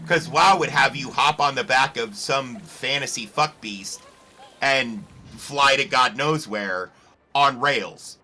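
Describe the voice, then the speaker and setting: A man's voice: mid-range voice, slow, pushed and bright, a little hiss or hum. A man on a casual voice chat, giving blunt, profane, confident advice about streaming.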